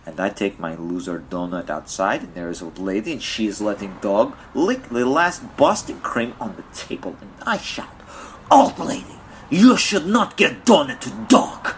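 A distraught Russian man rants in broken English, as a man puts on the voice and accent. His voice sits well above an ordinary male register and lurches up and down in pitch. It stays whiny and aggrieved throughout, and a faint noise hums behind it. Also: lively intonation, normal speed, hardly any pauses, a bit bright. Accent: put-on Russian. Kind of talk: comedic character monologue.

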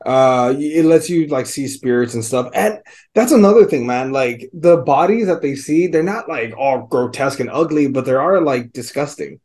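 A man's voice: medium pitch, expressive, normal speed, a little mellow. A man co-hosting a podcast, chatting casually about a movie, loose and profane with lots of fillers. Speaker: podcast co-host.

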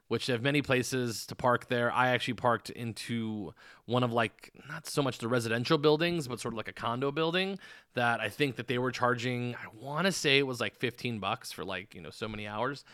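A man's voice: mid-range voice, a bit bright, smooth, no echo, studio quality. A man hosting a podcast, telling a meandering story in casual chat, full of fillers and restarts. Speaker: podcast host.

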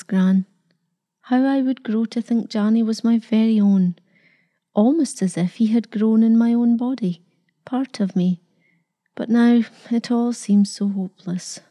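A woman reading a sad, quiet young bride. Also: mid-range voice, natural voice. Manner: quiet, plain-spoken, close to tears. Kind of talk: storybook reading.

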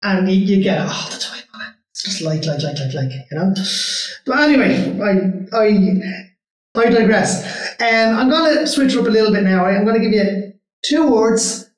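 Cork man, high voice, chatty, self-deprecating co-host, roomy echo. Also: moderate pace. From Cork, Ireland. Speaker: podcast co-host. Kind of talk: casual chat. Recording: echoey room.

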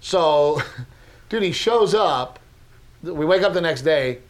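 Animated man telling stories on a podcast. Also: fairly high pitch, slow pace. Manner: animated storyteller who acts out other people's lines. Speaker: podcast co-host. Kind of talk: casual storytelling chat.

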